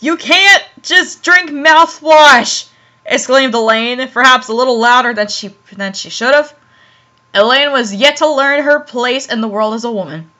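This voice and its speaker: High, bright, giggly woman reading fan fiction. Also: moderate pace. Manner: giggly, laughs often, stumbles over words.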